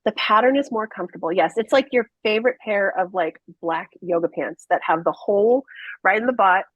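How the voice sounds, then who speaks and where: A woman's voice: mid-range voice, fairly quick, no echo. An earnest woman shares her story candidly, pressing her points with emphasis and frequent restarts. Her voice sits mid-range. The recording is dry and a little dull. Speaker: podcast guest.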